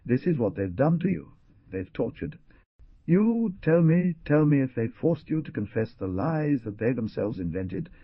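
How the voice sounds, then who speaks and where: A man's voice: medium pitch, sing-song, normal speed, breathy edge, no echo, voice pushed up. A man voicing an anguished young woman who cries out and pleads, in a storybook reading. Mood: pleading. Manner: pleading, horrified outcries. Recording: dull lo-fi dry recording.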